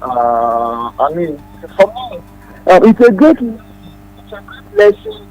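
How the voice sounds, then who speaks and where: High-voiced Nigerian man phoning in. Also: huge pitch swings, slow, a little mellow, faint music behind, low-quality recording. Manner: earnest, hesitant, many fillers. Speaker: caller. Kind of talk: phone-in call on radio.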